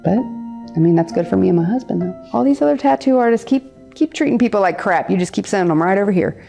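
Middle-aged woman, tattoo artist, chatty storyteller, medium pitch, quick to laugh. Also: creaky, soft background music. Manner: lively, acts out quoted people, laughs often. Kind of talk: casual storytelling.

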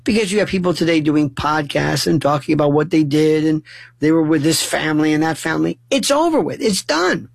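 Male talk host, husky and gravelly, emphatic and rambling, keeps restarting phrases. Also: fairly high pitch, animated, a little fast, no room sound. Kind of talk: casual monologue.

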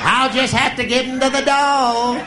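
A man's voice: very high-pitched, steady tone, very noisy. A man putting on a pushy old aunt. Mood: insistent. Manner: drawling, slow, pushy hostess. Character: insistent older Southern woman who cooked all day. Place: comedy stage before a live audience. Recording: echoey live stage with crowd laughter.

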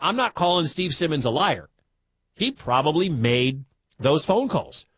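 A man's voice: a little high, sing-song, unhurried, slightly rough, no echo. A man from the Midwestern US hosting a sports talk radio show, chatty and incredulous.

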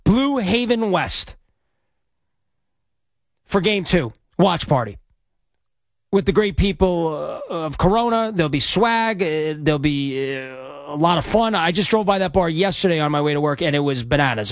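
A man's voice: a little high, animated, normal speed, dry recording, clean studio sound. A man hosting sports talk radio, brash and rambling as he plugs an event and takes calls. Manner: brash, rambling, self-promoting. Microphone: studio microphone.

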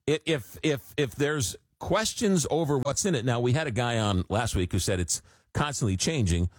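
A man hosting a call-in radio talk show, talking in an animated, exasperated way with frequent restarts. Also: medium pitch, normal speed, dry recording, clean studio sound.

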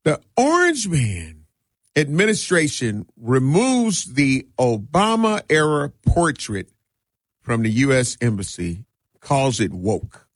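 A man filling in as radio host, talking casually and animatedly, with quick laughs and mock voices. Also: medium pitch, huge pitch swings, no echo, clean studio sound.

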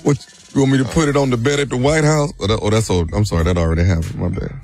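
A man's voice: lowish voice, fairly even intonation, very fast, darkish tone, faint music behind. A man co-hosting a morning radio show, joking around playfully with the others. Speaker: radio co-host. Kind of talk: casual morning radio banter.

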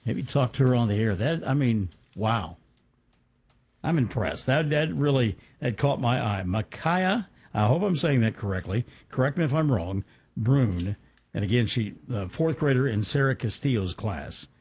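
A man's voice: mid-range voice, animated, moderate pace, darkish tone, breathy edge. A man co-hosting a local radio show, chatting about community news with enthusiastic asides. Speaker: radio co-host.

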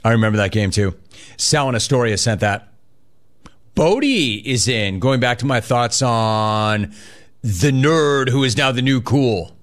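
On a laid-back sports talk radio show, a male host with a mid-range voice chats energetically in quick bursts. He also reads listener messages out loud.

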